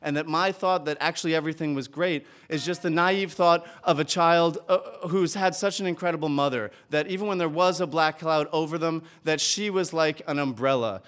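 A man with a fairly high voice tells a personal story on stage. He speaks earnestly and with animation, and the audience laughs along. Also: fairly quick, few pauses, fairly bright tone, smooth. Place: stage before a live audience.

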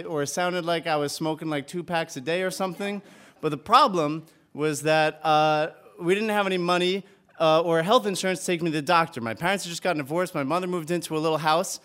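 A man's voice: sits high, a bit bright, smooth. A man telling a self-mocking, comic personal story live on stage.

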